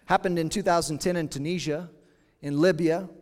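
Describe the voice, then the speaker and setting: A pastor preaching a sermon in an earnest, conversational way, with dramatic pauses. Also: male voice, a little high, fairly even intonation, a little mellow, long reverb tail.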